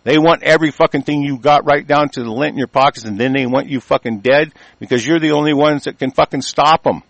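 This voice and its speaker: A man delivering an angry, heated political rant full of profanity, with sudden louder bursts. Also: a little high, fast, vocal fry, dry recording.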